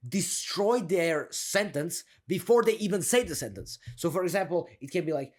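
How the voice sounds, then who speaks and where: Energetic young man coaching with lively pitch. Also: normal speed, few pauses. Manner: energetic, laughing, slangy, demonstrates a deep down-turned delivery. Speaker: confidence coach. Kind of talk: casual coaching monologue.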